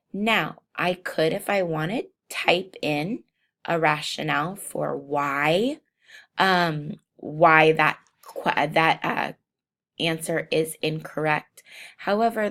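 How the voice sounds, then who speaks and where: A woman walking through software steps in a screencast tutorial, unhurried and thinking aloud with frequent ums. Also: deep voice, creaky. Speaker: teacher demonstrating software.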